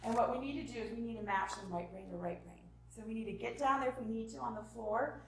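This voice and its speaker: A woman with a somewhat high voice runs a lively parenting workshop, acting out little scenes between parents and children and sometimes sinking into a whisper. She sounds far from the mic, and the hall around her rings with heavy echo. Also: fast talker, creaky. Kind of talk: lively parenting talk to a live group.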